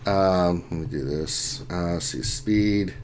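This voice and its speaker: A man's voice: sits low, slow pace, a little mellow, slight background noise. Joking man hosting a livestream. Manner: jokey, reads viewer comments aloud. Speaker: livestream host. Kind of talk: casual livestream chat.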